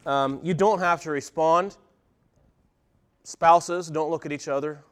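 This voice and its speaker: A man's voice: fairly high pitch, steady tone, slow pace, smooth. A male pastor giving a conversational sermon to his congregation, asking them reflective questions. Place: church service before a congregation.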